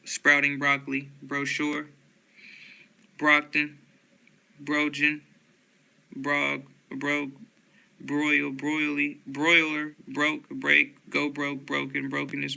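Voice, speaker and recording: A man reading dictionary entries aloud one word at a time, with flat, unhurried delivery and occasional stumbles. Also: on the high side, gravelly, clean tone, rough recording.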